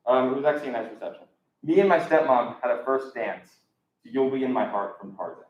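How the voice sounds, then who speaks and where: Fast and mid-range, this young adult's voice carries a rambling, casual stand-up comedy set full of ums. The live show happens in an echoey room, and the recording sounds dull and lo-fi.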